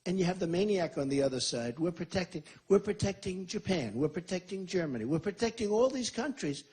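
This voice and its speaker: A man's voice: sits high, lively intonation, a little fast, a little mellow, breathy edge. A man in his sixties, a presidential candidate at a rally, answering questions in an emphatic, repetitive and boastful way. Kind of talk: campaign Q&A speech.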